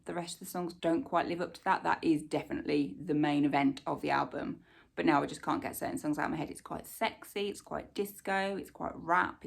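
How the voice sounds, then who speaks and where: A woman, chatting casually about her monthly favourites, rambling warmly with plenty of fillers and asides. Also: lowish voice, creaky. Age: 40s. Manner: warmly enthusiastic recommendations. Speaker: lifestyle vlogger. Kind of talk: casual product-favourites chat.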